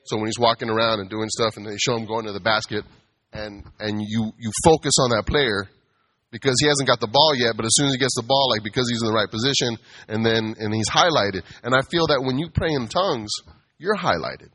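A man's voice: medium pitch, fairly quick, a bit bright. A man giving a casual, conversational sermon, playful and acting out quoted voices. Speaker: preacher.

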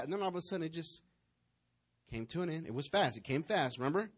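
Here a pastor with a slightly high, lively voice moves at a quick pace through his sermon. His storytelling brings voices and scenes to life, and he poses questions to the people in the pews.

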